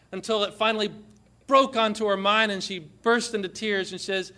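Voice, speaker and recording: A man preaching an impassioned sermon, moving from quiet storytelling to loud, forceful proclamation. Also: high voice, brisk.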